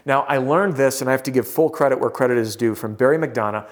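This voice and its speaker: Animated man telling a story. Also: medium pitch, fast talker. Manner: animated, storytelling, pace shifts often. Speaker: sales coach. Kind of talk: motivational vlog talk.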